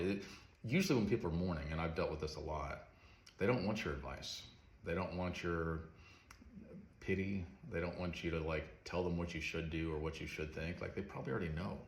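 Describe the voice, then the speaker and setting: A man talking casually and earnestly about a song he wrote, soft-spoken and rambling with fillers. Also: sits low, brisk. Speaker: songwriter. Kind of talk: casual heartfelt vlog talk. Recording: echoey room with faint ambience.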